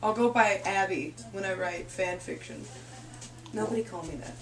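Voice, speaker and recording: A woman's voice: medium pitch, moderate pace, recorded from a distance. A young woman from Canada hosting a casual chat, rambling and giggly. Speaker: host. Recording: echoey room, off-mic.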